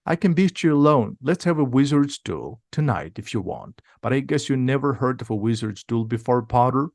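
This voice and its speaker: A man's voice: mid-range voice, lively intonation, normal speed, darkish tone, no room sound, studio quality. A man reading the lines of a brave young schoolboy wizard in a cool, determined way.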